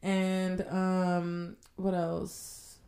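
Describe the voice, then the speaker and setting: A young woman co-hosting a casual podcast, speaking haltingly with deadpan jokes. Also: lowish voice, a crowd in the background. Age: young adult. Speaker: podcast co-host. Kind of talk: casual chat.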